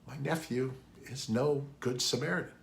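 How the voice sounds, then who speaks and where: A man's voice: medium pitch, normal speed, vocal fry, a little hiss or hum. A man preaching a sermon for an online worship video, opening with a prayer and telling a story in an earnest voice that rises for emphasis. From New England. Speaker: pastor.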